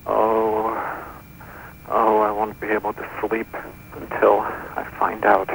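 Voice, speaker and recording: A man's voice: lowish voice, monotone, slow, vocal fry, slight background noise, rough recording. A man giving wry, musing commentary between answering-machine messages. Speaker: tape compiler commenting. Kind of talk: casual commentary.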